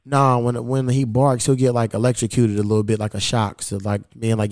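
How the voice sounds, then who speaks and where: A man's voice: medium pitch, a little fast, no echo, studio quality. A man hosting a podcast, telling a story in casual chat, swearing a lot and acting out the exchanges he quotes. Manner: profane, animated retelling of quoted exchanges. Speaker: podcast host.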